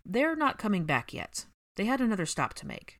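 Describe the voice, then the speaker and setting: A woman voicing a reserved young male wizard who speaks in a measured, firm and reluctant way. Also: lowish voice, lively intonation, natural voice.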